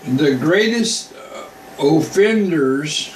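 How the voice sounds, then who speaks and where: A man preaching in a relaxed, unhurried way, moving between scripture readings and casual asides. His voice sits a bit high and comes from some distance off the mic. The room is echoey, with a faint air-conditioning hum underneath. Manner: folksy, slow, reads scripture then comments. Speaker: preacher on a live online broadcast. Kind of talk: informal Bible teaching.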